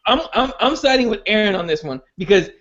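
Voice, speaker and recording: A man's voice: high-pitched, animated, fast, a bit bright. A man co-hosting a podcast, casual and profane, often laughing while he argues. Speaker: podcast co-host. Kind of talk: casual argumentative chat. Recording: dull lo-fi audio.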